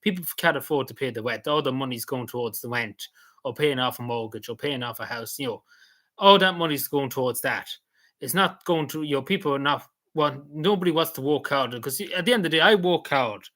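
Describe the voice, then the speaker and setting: A man's voice: mid-range voice, a little fast, sharp tone. A man, casually recapping an event he attended, rambling and repeating himself with many fillers. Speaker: vlogger.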